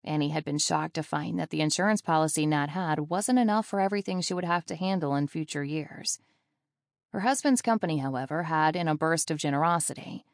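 A woman reading a novel aloud in steady, scripted audiobook narration. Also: low voice, dry recording, clean studio sound.

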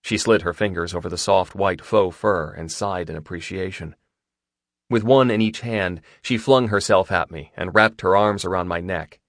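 A man narrating a first-person romance novel in a steady, intimate storytelling manner. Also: deep voice, moderate pace, no room sound, clean studio sound. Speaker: audiobook narrator.

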